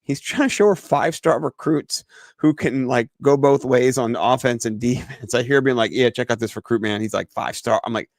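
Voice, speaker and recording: A middle-aged man co-hosting a fantasy football show, telling stories in a lively way and acting out other people's voices. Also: mid-range voice, brisk, dry recording, clean studio sound. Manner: animated storyteller who acts out other people's voices. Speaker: fantasy football podcast co-host. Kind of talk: casual chat.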